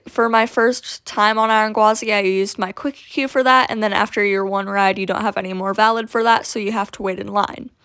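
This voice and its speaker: Teen girl vlogging a storytime, kinda high voice, lots of "like", super chatty. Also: fairly bright tone, clear, resonant tone. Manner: chatty, peppered with "like". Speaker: coaster vlogger. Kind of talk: casual storytime.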